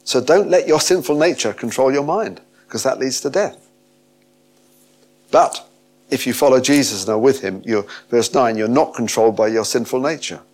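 A man's voice: medium pitch, moderate pace. A man preaching a sermon, reading scripture and expounding it with emphatic, rising delivery. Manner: emphatic, rising to animated peaks.

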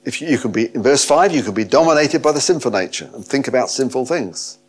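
A man's voice: mid-range voice, quick pace, slightly rough. A man preaching a sermon, reading scripture and expounding it with emphatic, rising delivery. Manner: emphatic, rising to animated peaks.

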